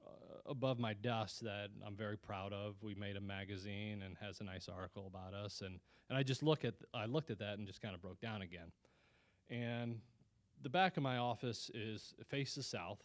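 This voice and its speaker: A man giving a personal testimony as guest speaker at a Christian lunch meeting, telling his story in an earnest, conversational way with frequent restarts. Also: medium pitch.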